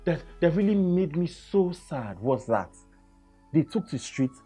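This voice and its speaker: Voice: mid-range voice, big pitch swings, unhurried, warm tone, slightly rough, faint music behind. A Nigerian radio host with a Nigerian accent, delivering an emphatic opinion monologue and repeating phrases for stress.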